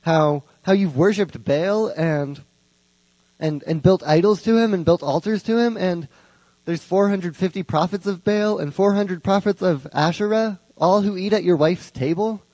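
A blunt, bold prophet , voiced by a man telling a Bible story. The voice sits a little high and mellow, close and dry. The phrasing is casual and modern, full of quick restarts. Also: dry recording, natural voice, rough recording. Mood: challenging.

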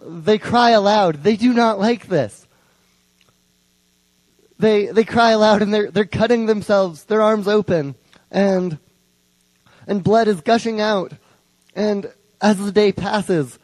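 A man's voice: sits high, measured pace, a little mellow, no echo, low-quality recording. Man retelling a Bible story casually. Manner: conversational, frequent restarts and repeated words.

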